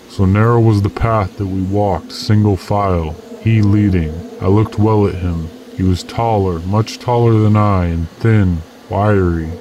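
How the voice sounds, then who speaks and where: A man reading an old adventure tale aloud as first-person narrator, in a measured, steady manner. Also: low voice, slight background noise, low-quality recording.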